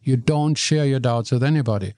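An older man, a guest telling stories in an animated way, often stumbling and repeating words. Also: mid-range voice, brisk, no echo, clean studio sound. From Germany. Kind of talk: storytelling in conversation.

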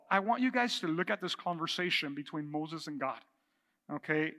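A man preaching in a large church hall, his voice high and ringing bright. He reads scripture aloud and presses his points with animated energy, and a long reverb trails every phrase. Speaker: pastor. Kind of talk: sermon.

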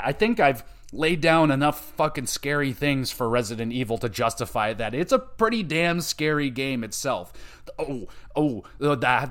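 A man hosting a gaming podcast, talking casually and excitedly, swearing a lot and acting out his own startled reactions with sudden loud outbursts. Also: mid-range voice. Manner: excitable, profane, swears constantly. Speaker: podcast host.

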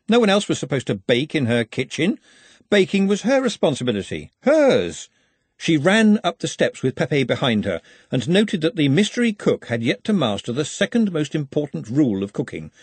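Brief: male audiobook narrator, husky, lively intonation, dry close sound. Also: mid-range voice, no room sound. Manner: expressive storytelling. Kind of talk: scripted narration.

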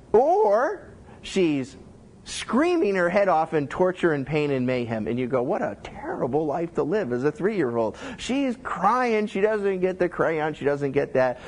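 A middle-aged man preaching as a pastor, telling lively stories and acting out the people he quotes. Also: fairly high pitch. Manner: animated storytelling, acts out quotes. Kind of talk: sermon teaching.

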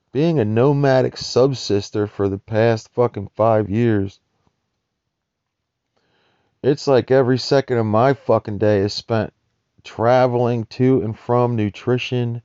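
A man with a dark, gravelly voice delivers a rambling, profanity-laced monologue, agitated and wandering. The recording is dry and dull, with a lo-fi, muffled sound. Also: mid-range voice, no room sound. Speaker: vlogger describing homeless life.

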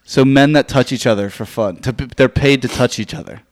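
A man's voice: medium pitch, moderate pace, dry recording. A young man co-hosting a casual chat, joking, swearing and laughing often. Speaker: podcast co-host.

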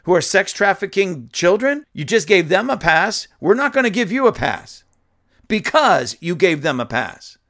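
A man's voice: high-pitched, very animated, normal speed, a bit bright. A man giving opinionated commentary, reading news aloud and scolding emphatically, with fillers and restarts along the way. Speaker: political commentator.

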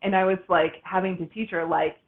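A woman's voice: lowish voice, fairly even intonation, a little fast. A woman hosting a podcast interview, chatting casually, agreeing often and sharing stories of her own. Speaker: podcast host. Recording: tinny phone-line sound.

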